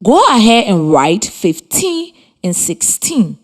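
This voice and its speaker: Woman radio teacher from Liberia, slow and clear, lively rising pitch, encouraging. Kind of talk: scripted radio lesson for children.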